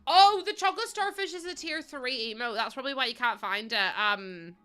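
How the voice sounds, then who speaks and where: Bright Northern Irish woman streamer. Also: sits high, expressive, a little fast, clean tone. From Northern Ireland. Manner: chatty, unfiltered, laughs often, sudden loud squeals. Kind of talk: casual livestream chat. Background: soft background music.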